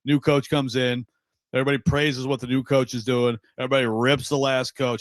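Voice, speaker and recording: A man's voice: medium pitch, fairly quick, no echo. Chatty man on sports radio. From Western Michigan. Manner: chatty, rambling, jokey asides. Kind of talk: casual radio banter.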